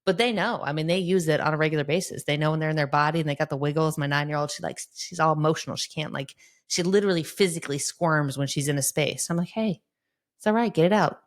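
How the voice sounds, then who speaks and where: Fast-talking low-voiced woman guest. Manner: animated, acts out talks with her kids. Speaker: sport psychologist guest. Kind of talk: conversational podcast interview.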